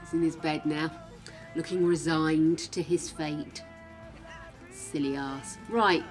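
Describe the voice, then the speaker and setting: A woman's voice: deep voice, steady tone, slow pace, faint music behind. A British woman streaming gameplay in casual chat, cooing fondly at her dog and laughing often.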